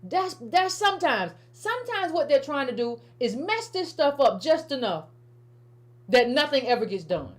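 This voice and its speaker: A woman's voice: sits high, sing-song, normal speed. A woman hosting political commentary in a casual, emphatic style, often repeating herself and restarting sentences as she talks straight to her viewers. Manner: emphatic, repetitive, stammering restarts, addresses viewers as family. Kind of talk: casual direct-to-camera commentary.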